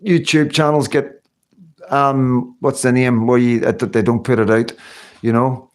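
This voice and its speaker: Man, livestream host, rambling casual chat, filler-heavy, mid pitch. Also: little pitch movement, measured pace. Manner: rambling, chatty, many fillers and tag questions.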